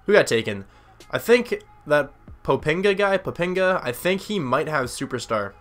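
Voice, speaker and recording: A man's voice: fairly high pitch, animated, moderate pace, a bit bright, soft background music. A young man giving casual gameplay commentary, chatty and thinking aloud with lots of fillers. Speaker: gaming YouTuber.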